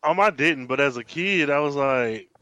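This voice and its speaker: A man's voice: on the high side, moderate pace, bright, forceful tone, no room sound, dull audio. A man co-hosting a podcast, talking bluntly in slangy casual chat and laughing between points. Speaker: podcast co-host.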